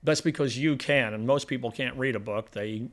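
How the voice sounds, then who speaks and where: A man's voice: mid-range voice, moderate pace. A man co-hosting a casual movie review chat, retelling scenes animatedly and acting out lines in voices. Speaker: podcast co-host.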